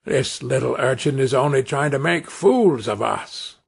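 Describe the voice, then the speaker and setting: A man reading a storybook, voicing a pair of sly, furtive grown male thieves who speak in a gruff, wary, hushed way. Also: medium pitch, a little slow.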